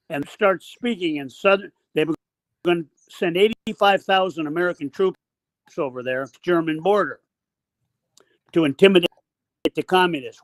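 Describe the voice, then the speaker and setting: An older man, a basketball coach, telling a long story in a halting, drawn-out way. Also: fairly high pitch, no echo. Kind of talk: storytelling interview answer.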